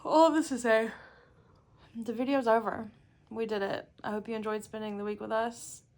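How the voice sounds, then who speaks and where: A woman's voice: a little high, fairly even intonation, normal speed, darkish tone. A woman with a Southern US accent chatting playfully as a vlogger, laughing often. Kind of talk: casual chat.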